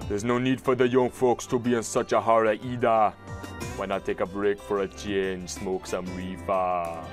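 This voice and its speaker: A man's voice: fairly low pitch, little pitch movement, moderate pace, over music, voice pushed down, close to an everyday voice. A man putting on a lazy old Jamaican bird. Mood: easygoing. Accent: mock Jamaican. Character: old male migrant bird, laid-back wanderer.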